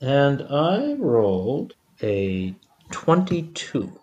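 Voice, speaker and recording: Male player, slow but lively pitch swings, faint noise behind. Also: dull audio. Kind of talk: casual tabletop game play.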